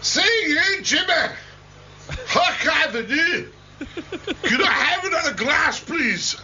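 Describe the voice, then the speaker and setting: A man's voice: very high voice, lively intonation, slow pace, a little hiss or hum, pitched above the performer's own voice, exaggerated voice. A man doing a hammy mock Scottish drinker. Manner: loud, over-the-top and laughing through it. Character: exaggerated Scottish man in a pub asking for another drink. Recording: dull lo-fi radio studio recording.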